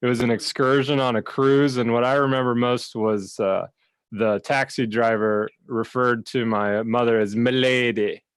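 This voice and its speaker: A man's voice: medium pitch, fairly even intonation, normal speed, clear, resonant tone, no echo. A man hosting a casual chat on a video call, playful and teasing. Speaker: host.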